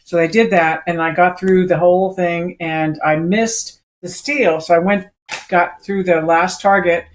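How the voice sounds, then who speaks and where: A man who is hard of hearing quietly tells a story in casual chat, in a dry manner. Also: high voice, fairly even intonation, unhurried.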